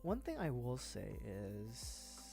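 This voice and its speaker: A woman's voice: rumbling low, huge pitch swings, slow pace, vocal fry, dark tone, faint music behind. Giggly, rambling streamer woman. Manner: rambling and giggly, with frequent laughing fits and restarts. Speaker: VTuber streamer. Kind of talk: casual livestream chat while building a model kit.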